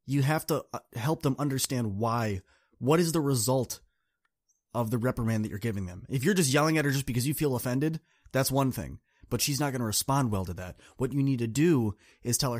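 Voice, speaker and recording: Male podcast host, earnest storyteller, mid pitch, dry close mic. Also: brisk, dry recording. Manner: earnest, direct, addresses listeners as y'all. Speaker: podcast host and student coach. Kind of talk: casual storytelling monologue.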